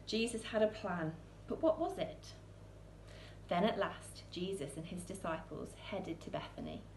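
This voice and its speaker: A woman reading a children's picture book aloud in a church, expressive, with soaring questions and hushed lines. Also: on the low side, unhurried, vocal fry, echoey room, slight background noise. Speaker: storyteller.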